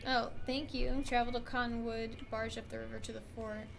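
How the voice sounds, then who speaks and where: A woman's voice: fairly high pitch, little pitch movement, normal speed, vocal fry, noisy background. A young woman from Texas chatting casually and crudely while streaming a game.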